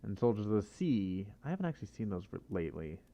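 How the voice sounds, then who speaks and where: A man's voice: on the low side, big pitch swings, fast talker, highs cut off. A man playing a mystery game, muttering and reasoning aloud to himself in casual commentary. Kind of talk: casual let's-play commentary.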